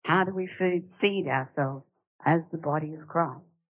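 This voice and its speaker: Low-voiced woman preaching a lively sermon. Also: measured pace, dry recording, poor audio. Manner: conversational, animated, with rhetorical questions.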